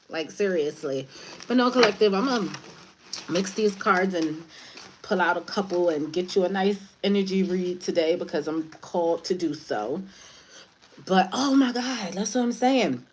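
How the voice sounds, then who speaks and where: A woman with a low-pitched voice gives a casual spiritual reading to her audience. She rambles from thought to thought, swearing offhandedly and laughing at her own humor. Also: expressive, unhurried, slight background noise, low-quality recording. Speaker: spiritual advisor, tarot reader.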